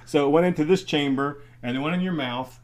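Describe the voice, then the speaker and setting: A man's voice: a little high, fairly quick. An older man, a former athletic trainer, telling stories in casual chat with many restarts and laughs. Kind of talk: casual storytelling in a group chat.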